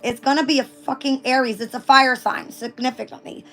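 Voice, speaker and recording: A woman with a hoarse, fading voice giving a casual tarot reading, reading passages aloud and then riffing off them with the odd swear word. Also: sits high, fairly even intonation, fairly quick, sharp tone, soft background music. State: hoarse, losing her voice. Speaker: tarot reader.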